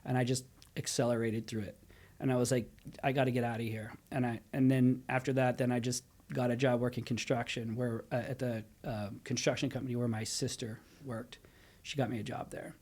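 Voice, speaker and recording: A man who teaches high school social studies, telling his life story in a casual podcast conversation and acting out his students' voices. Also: flat delivery, fairly quick, a little mellow. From Pennsylvania.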